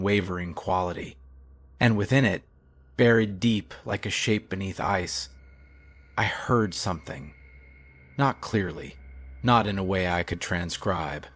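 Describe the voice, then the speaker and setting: A man reading a horror story in a measured, hushed, low-key way. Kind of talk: scripted horror narration.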